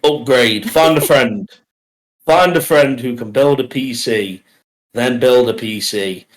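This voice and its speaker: A man's voice: medium pitch, slow, poor audio. A man co-hosting a casual podcast, joking and laughing often as he talks. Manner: jokey, laughs often between lines. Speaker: podcast co-host.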